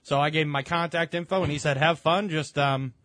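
A young man talks over a dry, close mic, his voice sitting a little high for a man. He tells his stories with plenty of swearing and animation, like a casual podcast co-host. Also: brisk, no echo. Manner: animated storytelling, swears a lot. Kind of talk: casual chat.

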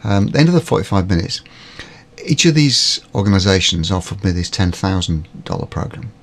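Man, from Britain, podcast guest, gravelly and husky, lively pitch, stammering restarts. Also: a little fast. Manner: animated, stammers and repeats words when starting. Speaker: guest, business coach. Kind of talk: podcast conversation.

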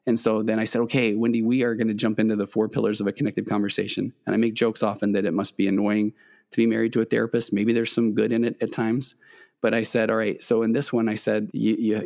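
A man's voice: on the low side, a little mellow. A middle-aged man, a therapist, earnestly telling a personal story and acting out the dialogue between himself and his wife. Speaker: therapist and host. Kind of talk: conversational storytelling.

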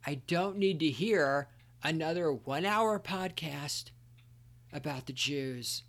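A man hosting a solo podcast, ranting angrily with constant swearing and sometimes shouting. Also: on the high side, slow pace. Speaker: podcast host.

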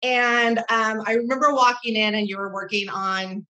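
Woman in her thirties, podcast guest, crisp bright tone, earnest and rambling, casual storytelling. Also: a little high, level tone, moderate pace, poor audio. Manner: earnest, rambling, full of fillers and restarts.

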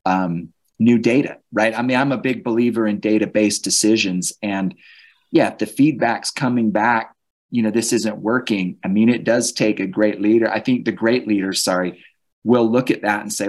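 A middle-aged man talks as a podcast guest with a fairly low voice. He thinks aloud as he goes, often restarting his phrases before settling on a point. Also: fairly even intonation, moderate pace. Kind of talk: conversational interview.

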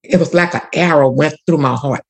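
A woman's voice: low-pitched, fairly quick, gravelly, low-quality recording. A woman, a community activist and former teacher, telling a personal story earnestly with many restarts. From Louisiana. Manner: earnest, repetitive restarts, prayerful.

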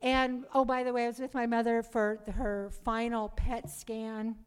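A middle-aged woman giving her conversion testimony to a live audience, telling her story in a lively way and calling for "Amen.". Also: on the high side, normal speed, smooth. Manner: lively storyteller who calls for "Amen" and "Praise the Lord". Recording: long reverb of a hall.

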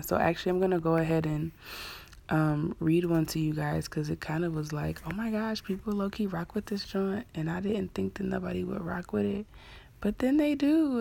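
A young woman in her twenties, a graduate student hosting her own podcast, chatting casually and candidly with lots of fillers, sometimes dropping to a soft half-whisper. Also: on the low side, vocal fry. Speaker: podcast host. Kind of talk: casual solo podcast chat.

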